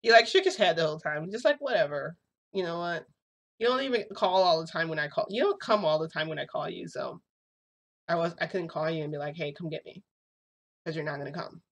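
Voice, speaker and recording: Low-voiced young woman chatting animatedly. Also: lively intonation, a little fast. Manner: chatty, acts out quotes of others in dialogue. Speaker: vlogger telling a reality-shifting story. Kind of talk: casual storytelling vlog.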